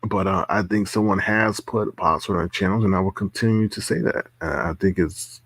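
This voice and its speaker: A man's voice: low-pitched, steady tone, moderate pace, a bit bright, slightly rough, no room sound. A man hosting a casual livestream, reading chat comments aloud, laughing often and repeating himself. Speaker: livestream host.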